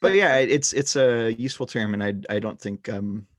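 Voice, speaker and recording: A man's voice: mid-range voice, lively intonation, moderate pace, dry recording, studio quality. A man speaking as a podcast guest in a casual roundtable discussion, tired and rambling, with many restarts.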